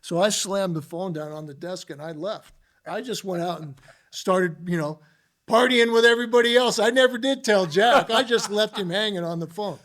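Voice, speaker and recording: Guy telling old ballclub stories on a podcast, kinda high voice, lots of "you know"s. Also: normal speed. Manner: animated, filler-heavy storytelling with many "you know"s. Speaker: podcast guest, former ballplayer. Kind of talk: casual storytelling interview.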